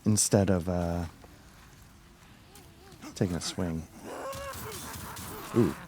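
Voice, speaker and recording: Low-voiced guy, let's play commentary, musing aloud, faint background noise. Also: steady tone, very slow. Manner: musing, thinking aloud, trailing off. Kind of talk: casual gameplay commentary.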